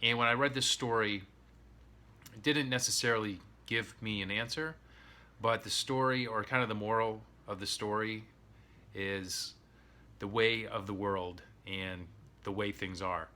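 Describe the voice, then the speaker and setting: A man's voice: on the low side, steady tone, unhurried, sharp tone. A man telling a story in casual, rambling talk with many fillers. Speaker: podcast host.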